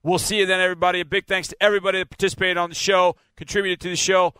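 Male podcast host, chatty and rambling, fairly high voice, dry close sound. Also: level tone, rapid-fire, bright, forceful tone, smooth, dry recording. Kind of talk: casual radio-style sign-off.

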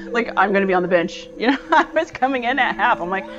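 A woman's voice: medium pitch, fast, highs cut off, music in the background. A young woman soccer player telling a personal story casually, laughing and acting out what people said. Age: young adult. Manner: animated, laughs often, acts out dialogue. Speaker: soccer player, interview clip.

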